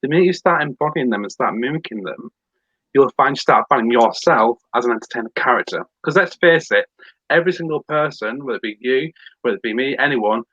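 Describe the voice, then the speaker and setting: A man talking as a guest entertainer in a casual podcast chat, animated and slipping into voices as he explains. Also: medium pitch, a little fast, no room sound, dull audio.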